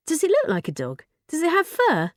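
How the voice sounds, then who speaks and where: A woman voicing a quick, sharp-tongued schoolgirl who startles easily. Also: wildly swooping pitch, no echo, studio quality, heavily acted. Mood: curious. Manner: high and bright, quick retorts.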